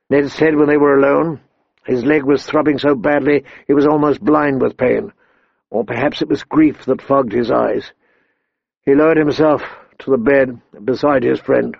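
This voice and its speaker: List: male narrator, audiobook, very gravelly, husky, slow, dry lo-fi recording. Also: medium pitch, no room sound. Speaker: audiobook reader.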